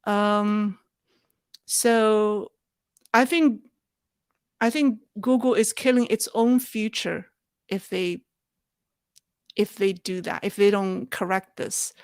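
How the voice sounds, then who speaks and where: A woman hosting a live show and answering viewer questions in a thoughtful, halting way. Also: medium pitch, clean tone, no echo, studio quality. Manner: thoughtful, halting, with restarts and soft laughs.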